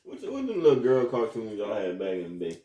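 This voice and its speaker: Man, lowish voice, lively swoops, joking over dinner, echoey room, distant phone mic. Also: lo-fi sound. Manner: joking, lively, drawn-out teasing. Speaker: father at the family mukbang. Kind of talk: casual family chat while eating. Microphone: phone set at a distance. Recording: echoey room, phone mic away from him, faint noise.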